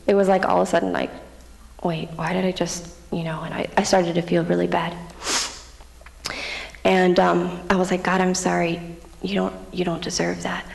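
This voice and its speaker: A young woman, a missionary, giving a candid personal testimony with self-mocking humor and frequent laughter. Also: medium pitch. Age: young adult. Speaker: missionary speaker. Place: church hall. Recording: long church hall reverb.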